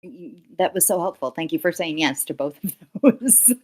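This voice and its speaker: A woman's voice: lowish voice, animated, normal speed, a little mellow. A woman in casual stream chat who laughs often, mocks herself and thinks aloud with lots of "like"s. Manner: giggly, self-mocking, thinks aloud with many "like"s.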